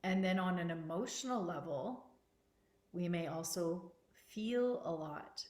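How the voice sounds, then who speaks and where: A woman gives a spiritual teaching talk at a slow, unhurried pace. Her voice sits a little low and sounds soft and earnest, returning to the same words for emphasis. The room around her is echoey. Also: animated.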